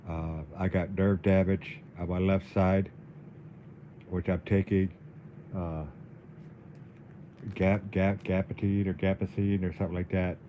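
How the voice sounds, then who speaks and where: A man livestreaming in a casual, halting way, dizzy and weak, often repeating his words. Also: deep voice, little pitch movement, mellow, slight background noise. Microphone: phone.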